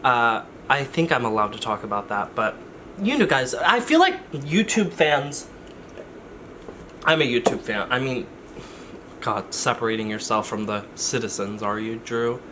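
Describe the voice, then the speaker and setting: In a casual vlog, a YouTuber rambles and keeps interrupting himself with jokes. His voice is mid-range and sharp, with lively intonation at a measured pace, over slight background noise.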